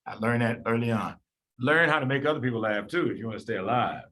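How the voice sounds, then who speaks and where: Bright-voiced man giving a casual lecture. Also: medium pitch, quick pace. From south side of Chicago. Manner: conversational, storytelling, acts out quoted people. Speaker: medical lecturer.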